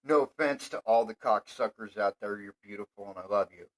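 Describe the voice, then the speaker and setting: A man hosting his own show, delivering a profane, rambling monologue that swears constantly and flares into heated yelling. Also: on the low side, a little fast, poor audio.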